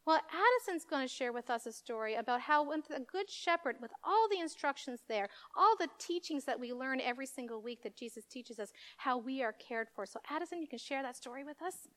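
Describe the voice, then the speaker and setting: A woman leads a children's message at church, speaking in an animated, playful way straight to the kids. Her voice is quite high. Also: a little fast, hardly any pauses. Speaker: children's minister.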